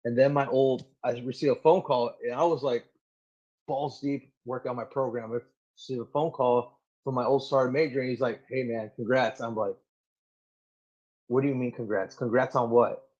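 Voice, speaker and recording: Marine guest, man in his 30s, mid-pitched, lively storyteller, full of "like"s, slightly muffled lo-fi sound. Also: moderate pace. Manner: animated, filler-heavy storytelling with many "like"s. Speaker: Marine gunnery sergeant guest. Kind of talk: casual storytelling in an interview. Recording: slightly dull lo-fi audio.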